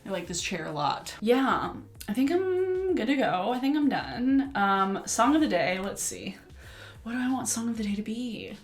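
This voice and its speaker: A young woman chatting casually into her camera at home while doing her makeup, rambling and breaking into sudden excited outbursts. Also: fairly high pitch, normal speed. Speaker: beauty vlogger. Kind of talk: casual get-ready-with-me chat. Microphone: camera mic.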